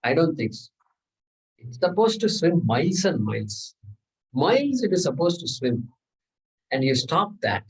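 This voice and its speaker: A man's voice: a little high, big pitch swings, a little slow, long pauses, breathy edge, recorded from a distance, poor audio. A man teaching a scripture class, talking through verses with rhetorical questions and chanted Sanskrit. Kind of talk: lecture on scripture.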